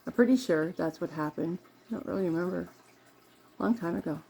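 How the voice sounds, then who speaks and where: A woman's voice: fairly low pitch, brisk, gravelly, mellow, slightly rough. A woman vlogger chatting casually and rambling, with frequent laughs and self-corrections, while doing her makeup.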